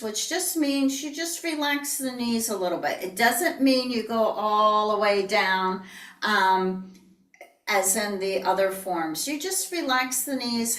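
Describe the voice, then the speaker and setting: Calm woman teaching tai chi, echoey. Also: mid-range voice, far from the mic. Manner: calm, step-by-step cueing, breathing out whispered healing sounds. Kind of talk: online movement class instruction. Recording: echoey room, voice heard from off the mic.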